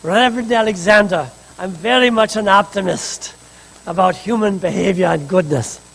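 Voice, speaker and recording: A man's voice: high voice, moderate pace, gravelly, fairly bright tone, in a large hall, exaggerated voice, rough recording. A man doing an earnest old Polish professor. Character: elderly male Polish-accented professor, optimistic.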